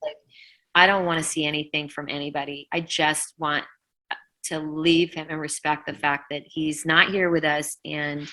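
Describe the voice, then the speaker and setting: A middle-aged woman, a former band singer, telling an emotional story in an interview, halting, with many fillers. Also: deep voice, level tone, pushed and bright.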